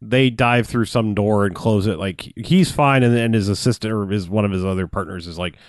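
A man's voice: on the low side, a little fast, no echo, studio quality. A man casually recapping a movie plot as a podcast co-host, rambling with lots of "like"s and a sardonic edge. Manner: rambling, many "like"s and restarts, sardonic.

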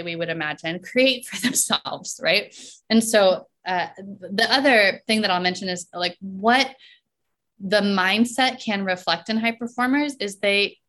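Her voice sitting in the mid-range, a female coach talks easily on a podcast, laughing between ideas and frequently tossing in "right?" to check in.

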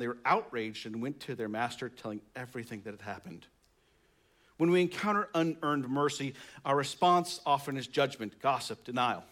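A pastor preaching a sermon, reading scripture aloud and then commenting on it conversationally, with emphatic rises. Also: male voice, mid-range voice, a bit bright.

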